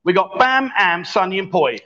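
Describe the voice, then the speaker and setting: A man in his fifties hosting a casual livestream from a bar, joking and bantering loudly with guests. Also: high voice, sing-song, moderate pace. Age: 50s. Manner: jokey, banter-heavy, loud. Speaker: livestream host. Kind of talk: casual live-stream chat. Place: bar in Pattaya. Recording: dull, lo-fi livestream sound.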